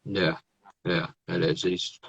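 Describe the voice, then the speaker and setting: A man's voice: low voice, little pitch movement, slow pace, vocal fry, fairly bright tone, breathy edge, poor audio. A man in his thirties hosting a casual podcast interview, chatty and laughing often. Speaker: podcast host.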